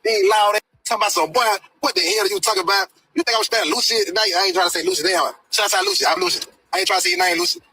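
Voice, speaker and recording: High, hyper-fast, bright ranting streamer man. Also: animated, gravelly, a little hiss or hum, rough recording. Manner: profane, rapid-fire ranting in street slang; swings his voice high for emphasis. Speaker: live streamer reacting to a rap video. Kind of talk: live-stream rant.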